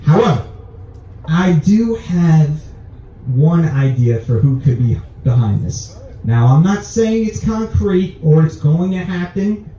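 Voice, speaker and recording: Echoey young stand-up comedian. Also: male voice, takes it slowly, distant mic. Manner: animated, jumps into high voices for his punchlines. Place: comedy club stage. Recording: very echoey club room, mic set back.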